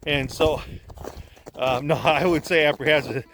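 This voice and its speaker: A man's voice: a little high, steady tone, unhurried, fairly bright tone, slight background noise. A man from Wisconsin, a former sled dog guide, telling stories in a casual, rambling way with many restarts. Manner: rambling, repeats words as he restarts. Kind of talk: casual storytelling.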